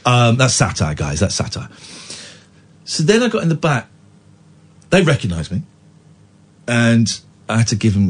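Brief: male radio host, husky voice, animated and swinging in pitch, emotional confessional storytelling. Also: normal speed, pauses often. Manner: emotional, animated retelling with restarts. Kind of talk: candid storytelling chat.

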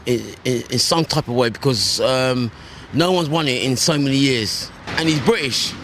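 A man's voice: mid-range voice, normal speed, fairly bright tone, a little hiss or hum. A man from the public in a street interview, earnestly defending his view. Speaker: member of the public.

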